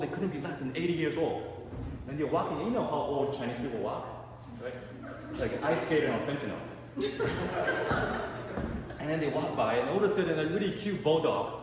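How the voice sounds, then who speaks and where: A man performing a stand-up comedy set, telling stories in an animated way and acting out the people in them. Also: mid-range voice. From Canada. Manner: animated storytelling with acted quotes. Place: art gallery event space with a live audience. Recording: echoey hall with long reverb and clear background noise.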